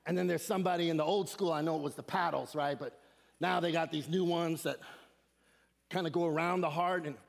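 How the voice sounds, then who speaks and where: A man preaching an animated sermon as a guest speaker, with slangy asides and shouted emphasis. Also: a little high, brisk, creaky, in a large hall. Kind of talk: energetic sermon. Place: church sanctuary.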